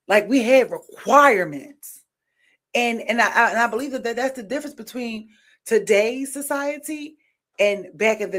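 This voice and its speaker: A woman hosting a podcast in casual chat, emphatic, repeating phrases for stress and swinging between loud and soft. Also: mid-range voice. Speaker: podcast host.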